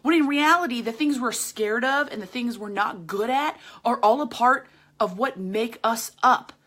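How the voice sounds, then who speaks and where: A woman's voice: a little high, normal speed, fairly bright tone. A woman hosting her own podcast, giving a chatty, emphatic motivational monologue full of slang, talking straight to the camera. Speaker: podcast host. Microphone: camera, speaking to viewers.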